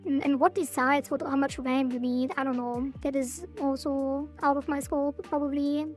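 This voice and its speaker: A woman's voice: sits high, little pitch movement, normal speed, soft background music. A woman streamer chatting casually with her viewers about game development, thinking aloud, hedging and laughing often, with a slightly cracking voice. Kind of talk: casual live-stream chat.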